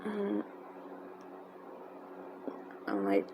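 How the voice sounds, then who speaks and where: A woman with a tells an emotional personal story in a halting, casual way, with many fillers and restarts. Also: mid-range voice, very animated, vocal fry. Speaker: fan telling a personal story. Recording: noisy background.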